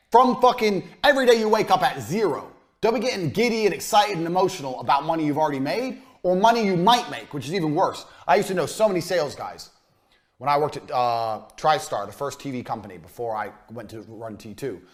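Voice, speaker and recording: A man giving a blunt, profane business lesson as a coach, mocking and forceful in his delivery. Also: a little high, lively intonation, brisk.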